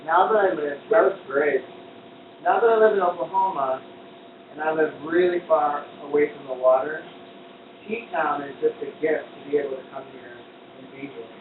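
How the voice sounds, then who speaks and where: High-voiced chatty man on a tinny live stream. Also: moderate pace. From United States. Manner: chatty and playful, joking while he cooks. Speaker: host cooking on a live stream. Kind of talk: casual cooking-show chat. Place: kitchen indoors. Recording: distant echoey lo-fi phone-like live stream with noise.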